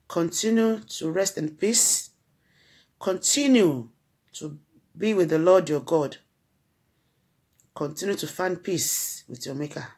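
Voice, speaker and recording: A woman's voice: on the low side, takes it slowly, long pauses, a little mellow, slightly rough. A grieving woman with a Nigerian accent gives an earnest spoken tribute. She repeats her phrases with a preacher-like cadence. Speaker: blogger addressing her followers.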